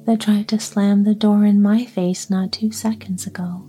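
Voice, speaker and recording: A woman's voice: mid-range voice, level tone, moderate pace, mellow, soft background music, close to an everyday voice. A woman voicing an earnest young boy upset about his ruined garden, in a whispered role-play storybook reading. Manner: earnest, aggrieved.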